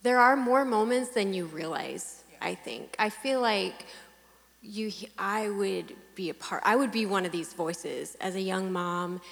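A young mother speaking as a church panel guest, slow and reflective. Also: medium pitch, lively intonation, creaky, fairly bright tone, long reverb tail. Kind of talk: casual church panel answer.

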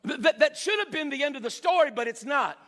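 A man preaching a sermon with emphatic repetition, rising to shouts. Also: very high-pitched, animated, fast.

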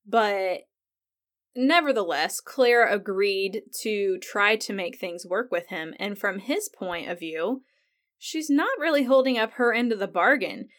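A woman's voice: medium pitch, expressive, unhurried, a bit bright. A woman hosting a podcast who talks casually about a TV episode, using "like" a lot and retelling scenes with feeling. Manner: chatty, says "like" often, retells scenes with feeling. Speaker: podcast host. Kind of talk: casual TV recap commentary.

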